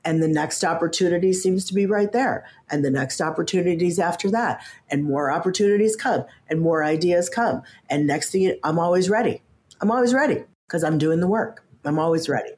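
Fairly quick and full of energy, a low-voiced woman in her fifties talks informally as an interviewee on a podcast, where she appears as a coach and author. Her sentences often start with a stammer, and she dramatizes quoted speech with different voices.

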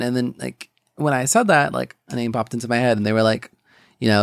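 Young guy, gravelly voice, middle pitch, talking about his faith in a halting, rambly way. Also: fairly even intonation, no echo, studio quality. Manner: rambling, halting, many restarts and fillers. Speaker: podcast host. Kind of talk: personal faith testimony.

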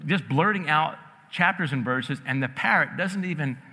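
A man from New York raised in New Jersey, telling a story in a sermon in an animated, conversational way. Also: a little high, normal speed. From New York area, raised in New Jersey. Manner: animated, conversational, addresses audience directly. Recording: long reverb in a large hall.

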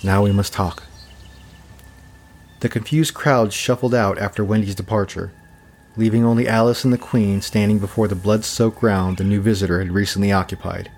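A man reading a fantasy story aloud in a measured, descriptive narration. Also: on the low side, fairly even intonation, a little mellow, slight background noise.

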